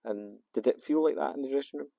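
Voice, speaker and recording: A man hosting a podcast, asking a guest steady, leading questions in an office. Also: medium pitch, fast talker, vocal fry, no echo. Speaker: podcast host, interviewer.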